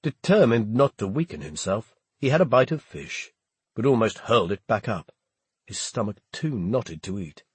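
A male audiobook narrator with a low, husky voice that rises and falls a great deal as he tells the story. The sound is dry and close to the mic. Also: moderate pace, no echo. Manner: expressive storytelling. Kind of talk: scripted narration.

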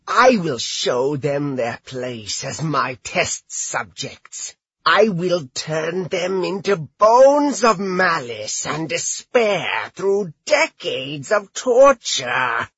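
A man voicing a rasping ancient lich lord. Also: fairly high pitch, sing-song, fairly bright tone, no room sound, voice pushed up, full character voice. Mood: menacing. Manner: slow, menacing, swooping delivery. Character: ancient male undead lich lord, cruel and crazed. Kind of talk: audiobook character voice. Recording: dry, slightly dull recording.

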